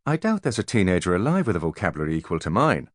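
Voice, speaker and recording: A man's voice: low voice, sing-song, rapid-fire, no room sound, studio quality. A man voicing a haughty, precise teenage boy genius who talks in a clipped, superior way. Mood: prim.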